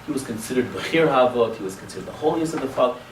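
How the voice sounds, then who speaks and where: A man's voice: mid-range voice, animated, very fast, slight background noise, voice pushed down, close to an everyday voice. A rabbi voicing a dying old patriarch who speaks tenderly to his gathered sons during a class. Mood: lamenting. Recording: echoey room, distant mic.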